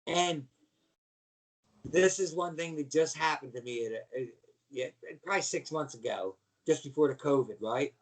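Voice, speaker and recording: A middle-aged man with a fairly high voice, talking as a guest. He tells his stories with animated energy and keeps checking in with the listener. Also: moderate pace. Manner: animated storyteller, repeats "you know what I mean". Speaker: guest, former pro wrestler. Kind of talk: casual chat.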